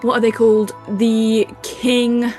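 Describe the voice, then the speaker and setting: A woman's voice: a little high, little pitch movement, slow pace, a little mellow, soft background music. A woman co-hosting a live stream who chats casually, explains things at length and swears offhandedly. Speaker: co-host.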